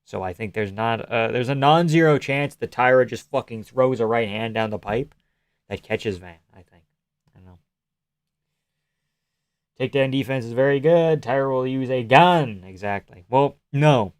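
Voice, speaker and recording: A man's voice: mid-range voice, normal speed, clean tone, no echo. A man hosting a live stream, casually and profanely analyzing fights and answering chat questions.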